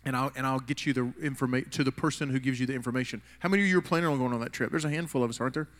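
An American pastor preaches to a church in a rambling, casual style, restarting sentences while telling a story. His mid-range voice is steady and a bit bright, and he talks very fast. A long hall reverb colors the recording.

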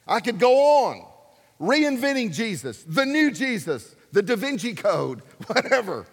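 A man preaching a sermon, emphatic and animated, swinging between loud and soft. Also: very high-pitched, measured pace, slightly rough, in a large hall. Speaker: pastor.

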